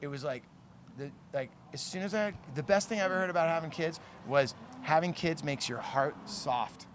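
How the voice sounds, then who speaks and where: Man, late forties, from California, fairly high voice, rambling earnest interview talk, faint noise behind. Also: a little fast. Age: 40s. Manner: rambling, earnest, self-mocking. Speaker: guest, label founder. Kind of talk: casual interview chat.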